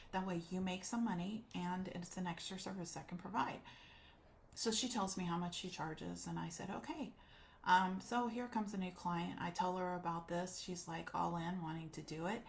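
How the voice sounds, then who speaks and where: A woman life coach telling a personal story, animated and acting out the voices she quotes. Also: on the low side, vocal fry, slight background noise.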